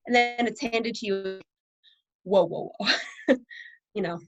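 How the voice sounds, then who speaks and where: A woman's voice: medium pitch, takes it slowly, highs cut off, soft background music. Woman on a video call, mid-range voice, frank and self-deprecating. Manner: candid, self-deprecating, laughs. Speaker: participant, mother. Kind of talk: casual group video chat.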